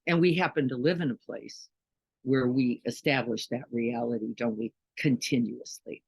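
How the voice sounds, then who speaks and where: A woman's voice: a bass voice, steady tone, moderate pace, gravelly, darkish tone, breathy edge, no room sound, low-quality recording. A woman giving a conversational dharma talk as a meditation teacher, often checking in with listeners with questions and "right?". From Chicago, United States.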